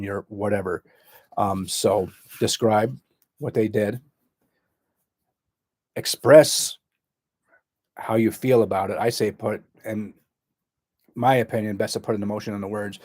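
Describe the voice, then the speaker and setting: A man working as a therapist, explaining a communication skill in a halting way, full of fillers and restarts. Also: lowish voice, a little mellow, no echo, studio quality.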